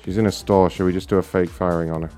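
Man, stream host, casual banter, swearing, low voice, faint music behind. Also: fairly even intonation, fast talker, darkish tone. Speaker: host of a prank-call stream. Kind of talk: casual livestream chat.

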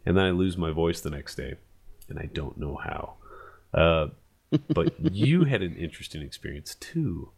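Deep gravelly guy rambling thru a wild night story, swears a lot, does the voices. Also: moderate pace. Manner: animated, profane, acts out quotes. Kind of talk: casual storytelling.

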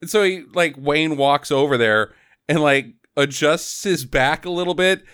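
A man casually recapping a movie with a co-host, animated, swearing and mock-quoting the characters. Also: on the high side, a little slow, clear, resonant tone. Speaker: podcast co-host.

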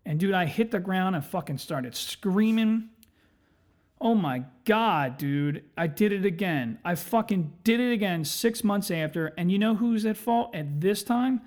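Man, high-pitched voice, swears a lot, rambling casual podcast storytelling. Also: lively intonation, measured pace, darkish tone. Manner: profane, rambling, self-mocking. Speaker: podcast host.

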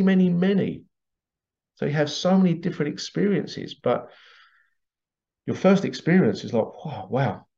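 A man who leads past life regression workshops, telling stories in a chatty, animated way. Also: on the high side, vocal fry. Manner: chatty, animated, laughs often. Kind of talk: casual storytelling promo. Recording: dull lo-fi recording.

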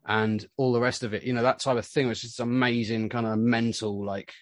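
Rambling, animated male musician. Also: mid-range voice, fairly quick, no room sound. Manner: rambling, animated storytelling full of "you know". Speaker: musician guest. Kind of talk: casual interview chat.

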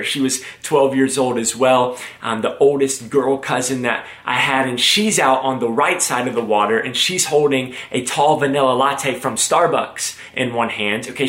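Energetic young preacher in an echoey room. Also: male voice, medium pitch. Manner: energetic, joking, animated storytelling. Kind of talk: sermon with storytelling. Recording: roomy echo.

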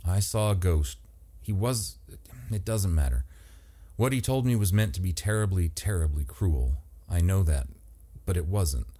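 A man voicing a wistful, dreamy young woman who speaks softly and earnestly. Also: low-pitched, animated, unhurried.

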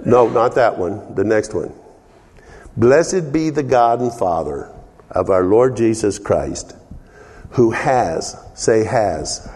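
Older male pastor, slow folksy sermon delivery, mellow dark tone, long hall echo. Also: lowish voice, expressive, slightly rough. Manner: folksy, asks the congregation for amens.

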